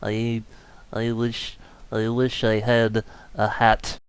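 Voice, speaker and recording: A man doing a low mumbling puppet guy. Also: monotone, slow pace, clear, resonant tone, dry recording. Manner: quiet, mumbling.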